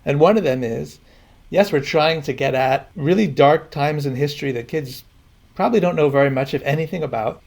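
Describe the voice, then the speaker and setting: A man's voice: a little high, a little fast, gravelly, darkish tone. A man speaking earnestly as an author guest in a casual podcast interview.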